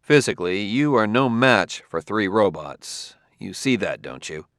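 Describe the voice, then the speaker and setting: A man voicing a wary male detective who talks crisply and gives orders. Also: fairly low pitch, big pitch swings, measured pace, no echo, studio quality, exaggerated voice. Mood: commanding. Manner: sharp, giving crisp orders.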